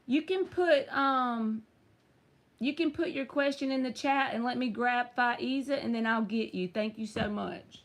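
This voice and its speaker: A woman reads tarot on a live stream, chatting and teasing viewers as she goes. Her voice sits fairly high, and she takes her time, drawing out her words in an unhurried way. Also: slight background noise.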